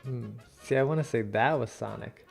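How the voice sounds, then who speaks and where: A man's voice: medium pitch, moderate pace, creaky, faint music behind. A man co-hosting a podcast, guessing quiz answers casually and thinking aloud. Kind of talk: casual chat.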